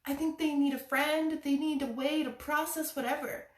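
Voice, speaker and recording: Recorded from afar in an echoey room, this woman's high voice stays fairly even at a normal pace. She hosts a chakra challenge live stream, encouraging her viewers with earnest motivation.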